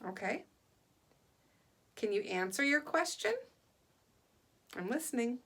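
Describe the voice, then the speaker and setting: Teacher lady, slow careful delivery, patient with little kids, says good a lot. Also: a little high, lively intonation, fairly bright tone. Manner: slow, patient, enunciates for young children. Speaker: second grade teacher. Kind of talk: online classroom lesson.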